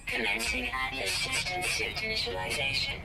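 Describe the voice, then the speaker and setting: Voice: mid-range voice, normal speed, creaky, exaggerated voice. A synthetic suit computer. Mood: announcing. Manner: flat announcing. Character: suit computer voice, female, calm. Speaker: game suit system voice. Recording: game audio with faint music.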